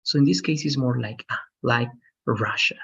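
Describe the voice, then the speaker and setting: Husky-voiced male English teacher. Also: mid-range voice. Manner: encouraging, patient, stresses words slowly to model pronunciation. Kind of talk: online language lesson. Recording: dull lo-fi sound.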